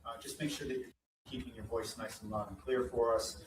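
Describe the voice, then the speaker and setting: A man's voice: medium pitch, level tone, fairly quick. A man working as a court official, politely giving formal instructions in a courtroom. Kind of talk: courtroom procedure. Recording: distant echoey courtroom feed with noise.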